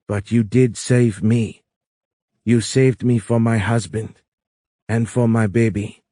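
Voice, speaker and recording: Man voicing Strem, a calm alien woman. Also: medium pitch, no echo, studio quality, voice pushed up, close to an everyday voice. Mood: tender. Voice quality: foreign accent, soft raised voice. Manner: slow, measured, explanatory. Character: calm wise alien woman, gentle and grateful.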